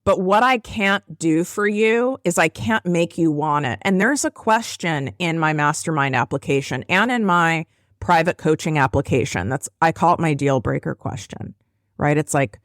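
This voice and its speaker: A woman podcast host and business coach giving a blunt, profane, tearful motivational monologue, her voice jumping high on emphatic words. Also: animated, moderate pace, a bit bright, no echo, studio quality.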